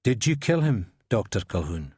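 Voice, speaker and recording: A man's voice: lowish voice, big pitch swings, moderate pace, darkish tone, husky, no room sound, exaggerated voice. An actor playing a patient male detective who questions a suspect with dry, probing politeness. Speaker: police interrogator.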